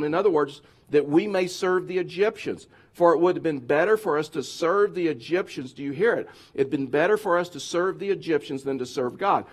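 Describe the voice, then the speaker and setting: Higher-voiced preacher man, emphatic and repetitive. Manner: emphatic, repeats phrases over and over. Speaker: pastor. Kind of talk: sermon.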